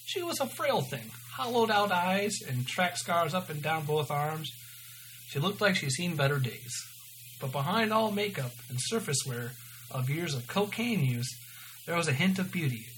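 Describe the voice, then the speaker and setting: A man reads a story aloud in a casual, unpolished way, tripping over words and fixing them as he goes. He sounds amused, his voice sits a little high for a man, and a faint hum runs underneath. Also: lively intonation, normal speed, a bit bright, rough recording. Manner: stumbling and self-correcting, amused.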